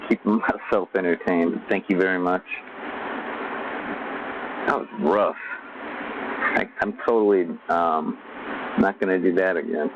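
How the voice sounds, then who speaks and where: A man's voice: low-pitched, steady tone, unhurried, long pauses, lo-fi sound, noisy background. A man live-streaming alone, rambling and swearing as he entertains himself. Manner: rambling, profane, self-amused. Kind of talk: casual live-stream monologue. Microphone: desk microphone.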